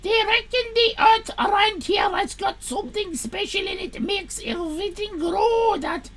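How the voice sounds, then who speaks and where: A woman voicing a cheerful, spry grandfather of eighty-one in a story game, speaking in a fond, homely and loud way. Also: very high-pitched, lively intonation, a little slow, exaggerated voice.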